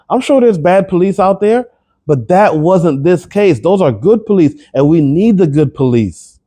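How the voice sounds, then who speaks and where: A man's voice: high voice, expressive, moderate pace, mellow. A man giving his opinion straight to the camera, emphatic and incredulous, firing off rhetorical questions and repeating words as he gets worked up. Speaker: commentary vlogger.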